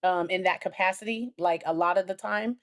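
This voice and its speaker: A woman co-hosting a married couple's podcast, telling stories in a rambling, animated way with many fillers. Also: fairly low pitch, a little fast. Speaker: podcast co-host. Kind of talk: casual chat.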